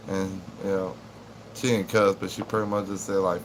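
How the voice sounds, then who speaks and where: A man's voice: low voice, flat delivery, normal speed, background noise. A man chatting casually on a livestream, rambling in a laid-back way to his viewers and his dog at home. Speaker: livestream host.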